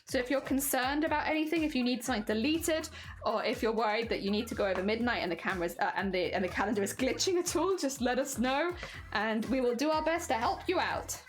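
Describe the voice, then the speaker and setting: A woman's voice: fairly high pitch, fast, faint music behind. A British woman chatting casually on a live stream, playful and giggly as she reads and answers chat. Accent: British English. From Britain.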